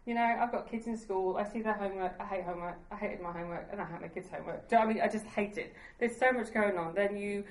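A woman's voice: mid-range voice, fast talker, few pauses, roomy sound, low-quality recording. A woman preaching a sermon in an earnest, conversational way, laughing at herself now and then.

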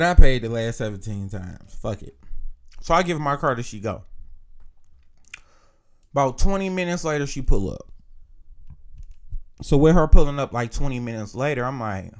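A man's voice: mid-range voice, expressive, moderate pace, long pauses. A young man casually telling a profane story, acting out both sides of an argument.

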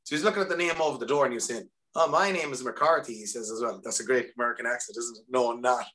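Bright-voiced Irish man telling stories. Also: medium pitch. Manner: chatty storyteller, quick asides. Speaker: singer, guest. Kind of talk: casual chat.

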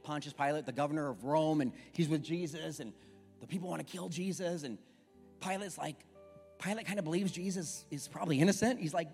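A middle-aged pastor preaching in an emphatic, conversational, storytelling way, recorded in an echoey church with faint music. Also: male voice, a little high, a little fast, creaky, a little mellow. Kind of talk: sermon. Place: church sanctuary.

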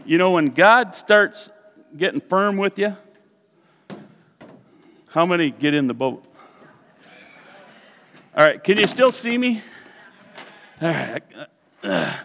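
Animated preacher man in a reverberant hall. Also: a little high, unhurried, vocal fry, long pauses. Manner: playful, animated, talks to the congregation. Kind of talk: sermon with humorous storytelling. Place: church sanctuary. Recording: distant hall echo, dull sound.

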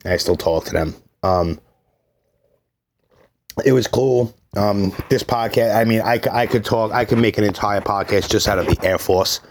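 A man's voice: fairly low pitch, normal speed, a little hiss or hum. Profane, rambling man. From Brooklyn, New York. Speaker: podcast host telling his life story. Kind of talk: casual solo storytelling.

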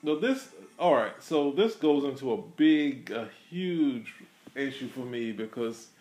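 A man at a mid pitch talks his way through his points, trailing off and restarting as he goes. His delivery is loose and conversational. The echo of the room surrounds his voice. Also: lively intonation, measured pace, darkish tone. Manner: rambling, hesitant, many restarts and fillers. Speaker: podcast co-host. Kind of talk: casual film discussion. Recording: echoey room.

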